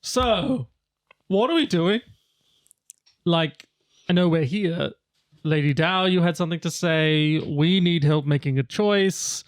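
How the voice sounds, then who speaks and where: A man's voice: a little high, slow, long pauses, no room sound, studio quality. A man voicing a well-fed teen boy who pleads for advice in a rambling way in a tabletop role-play. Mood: pleading. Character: hungry, pleading teen boy, food-drunk.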